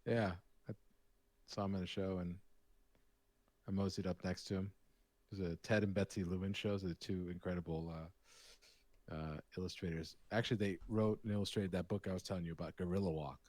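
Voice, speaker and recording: A man with a very low voice chats casually as co-host of a live painting stream. He tells rambling stories with lively restarts. The sound is close and dry. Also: brisk, no room sound. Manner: rambling, animated storytelling with restarts. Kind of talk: casual chat.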